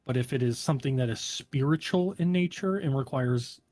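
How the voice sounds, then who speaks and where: A man acting as game master, explaining a contract to the players in a relaxed, halting way with many fillers. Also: medium pitch. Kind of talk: narrating a tabletop game.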